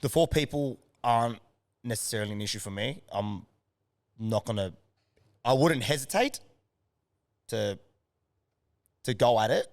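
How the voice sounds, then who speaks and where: A man's voice: medium pitch, a little slow, pauses often. An Australian man, a strength coach, chatting casually as a podcast guest and telling stories with lots of energy and swearing. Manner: animated storyteller, swears freely.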